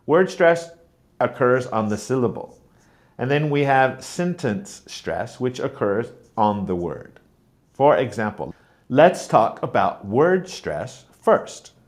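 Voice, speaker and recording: A man teaching a pronunciation lesson, modelling stressed and unstressed syllables with exaggerated stress on example words. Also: mid-range voice. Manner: explains clearly, models sounds like mm-mm. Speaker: teacher trainer.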